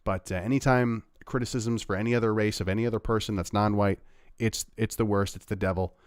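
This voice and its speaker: A man's voice: fairly low pitch, steady tone, brisk, clean tone, no room sound, studio quality. Sarcastic man reacting to clips live. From Canada. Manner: sarcastic, rambling with fillers and laughs. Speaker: livestream host reacting to clips. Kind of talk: casual live commentary.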